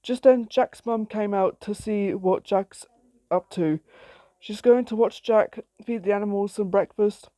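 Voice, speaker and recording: A woman's voice: medium pitch, a little slow, warm tone, no room sound. A woman reading her own story aloud in a plain, simple storytelling way.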